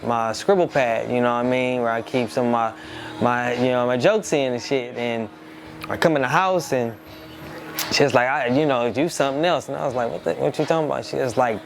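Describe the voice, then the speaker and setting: A man's voice: medium pitch, fairly quick, vocal fry, soft background music. A comedian being interviewed, telling his story in a laid-back, rambling way. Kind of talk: casual interview chat.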